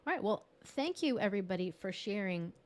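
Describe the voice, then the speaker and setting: Her medium-pitched voice is expressive and brisk as she runs a live online workshop over video call. Bilingual in English and Spanish, she chats warmly, encourages her audience, and laughs at her own expense.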